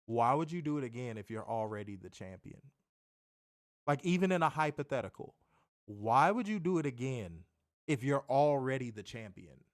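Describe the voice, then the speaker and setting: A man's voice: mid-range voice, sing-song, moderate pace, no room sound, studio quality. A man co-hosting a wrestling review in casual chat, sarcastic and exasperated, often restarting his sentences. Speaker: wrestling show co-host.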